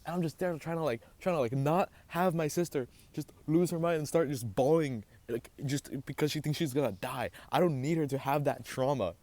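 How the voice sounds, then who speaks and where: A young man hosting a casual storytime vlog, animated and swearing as he gets heated. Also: on the high side, fairly quick, hardly any pauses. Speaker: vlogger host.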